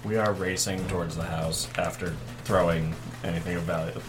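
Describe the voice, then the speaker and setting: A man playing a tabletop game, speaking quietly and dryly. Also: sits low, steady tone, moderate pace, over music. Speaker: player. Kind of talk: tabletop role-play.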